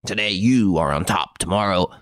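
A man's voice: low voice, normal speed, fairly bright tone, dry recording, studio quality. A man reading as a bitter, cornered blackmailer. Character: desperate, grasping blackmailer, adult man.

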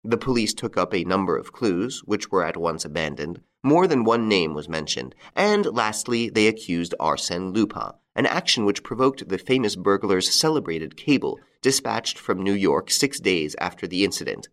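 A man narrating a classic crime story aloud in an expressive, dramatic way. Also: low-pitched, moderate pace, hardly any pauses. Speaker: audiobook reader.

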